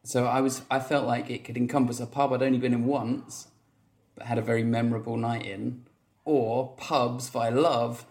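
A man's voice: medium pitch, little pitch movement, moderate pace, darkish tone. A young adult man from England, a podcast guest joking and rambling in casual chat over a video call. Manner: self-mocking, rambling, playful.

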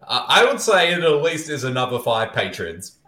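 A man's voice: medium pitch, big pitch swings, normal speed, bright, forceful tone, roomy sound. A man co-hosting a casual movie-riffing podcast, joking and laughing often. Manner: giggly, joking. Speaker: podcast co-host.

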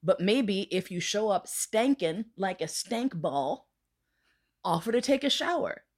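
A podcast guest with a medium-pitched, unhurried voice tells a bawdy story in casual chat. She is animated, acts out the other people's lines in quotes, and swears freely.

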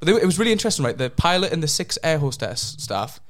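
A young man, telling a rambling story on a casual podcast, his voice jumping up in pitch when he gets excited. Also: fast. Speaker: podcast co-host. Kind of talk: casual chat.

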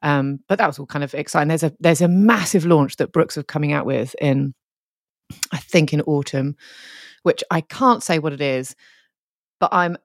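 Low-voiced chatty woman. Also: normal speed, dry recording, clean studio sound. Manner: chatty, animated storytelling with quoted voices. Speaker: podcast co-host. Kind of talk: casual chat.

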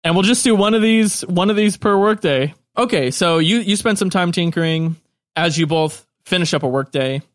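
A man as game master, narrating a tabletop game in a relaxed, amused way. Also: sits high, moderate pace, no room sound, clean studio sound.

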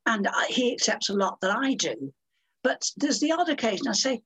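An older woman in her seventies, a guest who talks bluntly and bawdily and throws herself into the voices of the people she quotes. Her voice is husky and slightly breathy. Her pitch swings widely from phrase to phrase. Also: big pitch swings, moderate pace, fairly bright tone, no room sound, low-quality recording. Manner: blunt, bawdy and theatrical, acting out quoted voices. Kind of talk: casual interview chat.

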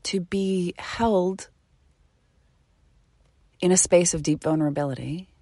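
Recorded close and dry on a studio mic with no room sound, a middle-aged woman delivers an intimate podcast monologue alone. Her low voice is earnest and heartfelt, and she slows into a soft near-whisper when things turn tender.

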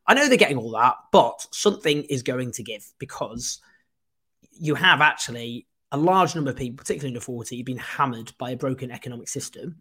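A man hosting a political livestream, impassioned and sarcastic with quick asides. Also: medium pitch, lively intonation, bright, forceful tone, breathy edge. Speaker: host.

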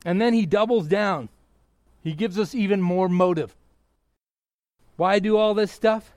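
A middle-aged male pastor preaching a sermon, excitable, bursting into yelling and then dropping back to a quiet, close tone. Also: sits high, a little slow, long pauses, no room sound.

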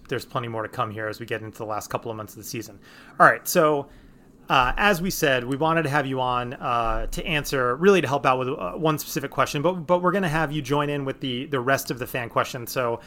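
A man's voice: medium pitch, brisk, pushed and bright. A man hosting a casual podcast, talking in a rambling way with many restarts and fillers. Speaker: podcast host.

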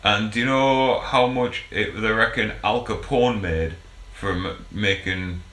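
A man's voice: on the low side, slow, a bit bright, echoey room. A man chatting casually as a podcast co-host, jokey and rambling, tripping over his words. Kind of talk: casual banter.

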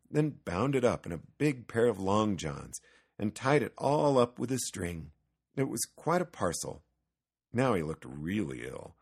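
A man narrating a children's storybook reading in a gentle, unhurried way. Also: lowish voice, gravelly, slightly rough.

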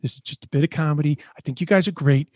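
On a dry, studio-quality recording, this man talks fast in a fairly high voice while hosting his podcast. His casual chat turns into energetic ranting, with nonstop swearing.

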